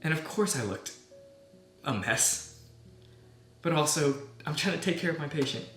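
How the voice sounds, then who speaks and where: A young man, a medical student, earnestly telling a personal story in a soft voice that often trails off quietly. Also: on the high side, lively intonation, moderate pace. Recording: echoey room with soft guitar music.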